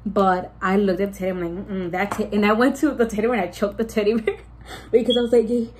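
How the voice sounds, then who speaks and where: A woman's voice: mid-range voice, steady tone, fast, darkish tone, poor audio. A pregnant young woman chatting casually to her viewers, rambling with lots of "like" and restarts and slipping Spanish words in. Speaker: vlogger. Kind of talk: casual storytime chat.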